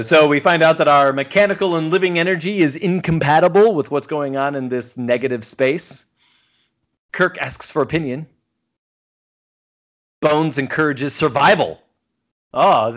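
A man with a slightly high voice co-hosts a casual podcast, recapping a TV episode in an unhurried way with frequent pauses. His storytelling is animated, and he performs bits of the dialogue as he quotes them.

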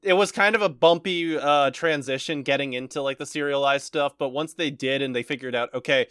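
Smooth-voiced casual man podcaster. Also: mid-range voice, fairly quick, dry recording, clean studio sound. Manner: relaxed, laughs often, casual swearing. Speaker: podcast co-host.

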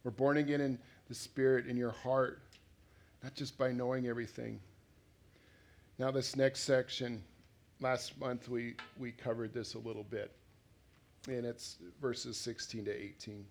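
A man's voice: mid-range voice, little pitch movement, measured pace. A man preaching a sermon in a conversational way, putting questions to the congregation and reading scripture aloud. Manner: conversational, asks the congregation questions, acts out voices. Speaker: pastor.

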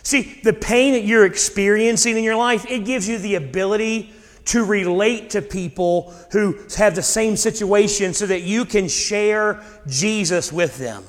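A middle-aged man delivers a sermon from the pulpit, slipping into casual anecdotes before pushing up into emphatic declarations. His voice sits high. The church's long reverb trails after every phrase. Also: measured pace. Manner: conversational storytelling with sudden emphatic rises. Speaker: pastor. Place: church sanctuary.

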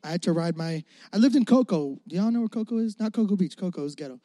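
This young Florida man, a pastor, delivers his sermon as funny storytelling about his childhood, lively and joking as he impersonates his younger self. He speaks fast in a high voice, and the studio-clean recording is dry.

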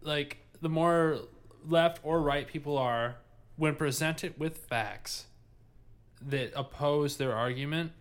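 A man's voice: fairly high pitch, takes it slowly. Young man hosting a casual podcast. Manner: thoughtful, searching, laughs easily. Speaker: podcast host. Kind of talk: casual chat.

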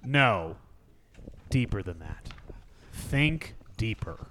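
A man's voice: on the low side, very animated, drawn-out words, sharp tone, a little hiss or hum, voice pushed down, heavily acted. A man playing a laid-back male record producer who talks in slang and coaxes an artist, in a comedy sketch. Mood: coaxing.

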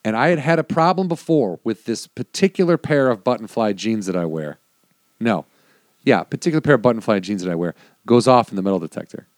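Man, casual chat, animated storyteller, dry close sound. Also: fairly low pitch, fairly quick, no echo. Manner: animated storyteller, acts out quoted people.

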